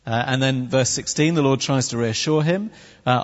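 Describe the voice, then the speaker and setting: A man preaching a sermon with a wry, animated delivery and humorous asides. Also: mid-range voice, normal speed. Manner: animated, wry, with comic put-on voices. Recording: dull recording in echoey hall.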